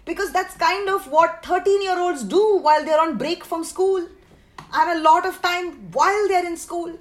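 A woman's voice: very high-pitched, normal speed. A woman, a comedian guest on a podcast, ranting in a sarcastic, mock-outraged way. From India.

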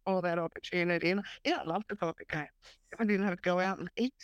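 A woman's voice: fairly low pitch, fast talker, dry recording. A woman guest on a podcast interview, speaking bluntly and matter-of-factly and laughing at herself. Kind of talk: casual interview chat.

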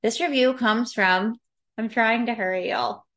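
Brief: woman co-host, casual podcast chat, quick asides. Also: on the high side, a bit bright.

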